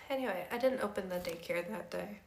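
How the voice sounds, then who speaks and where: A young woman tells a casual story on stream, laughing easily and leaning on fillers. Her voice sits at a middle pitch. The room around her has a roomy echo. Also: normal speed, vocal fry, slight background noise. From Canada. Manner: chatty, laughs often, filler-heavy. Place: house room.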